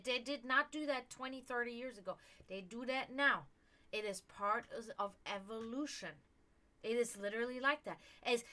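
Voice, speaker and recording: A woman hosting a psychic livestream, talking casually in an animated, rambling, earnest way with many fillers. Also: on the high side. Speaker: livestream host and psychic reader.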